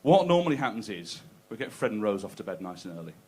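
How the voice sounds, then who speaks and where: A man's voice: on the low side, sing-song, fast talker, a little mellow. A man doing a crude, conversational stand-up set, teasing the crowd. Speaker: stand-up comedian. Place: comedy club stage.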